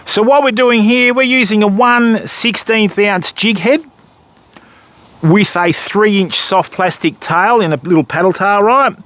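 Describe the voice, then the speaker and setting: A man's voice: sits high, a bit bright, no echo. Australian man, middle-aged, fishing livestream host, casual and chatty, keeps saying mate and bud, outdoors on a river. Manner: chatty, greets viewers, fills with mate and bud.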